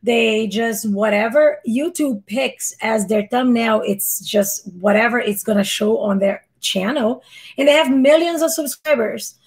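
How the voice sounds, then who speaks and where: A woman with a squeaky voice doing casual live reaction commentary, exasperated and rambling, often restarting her sentences. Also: a little slow. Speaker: reaction streamer.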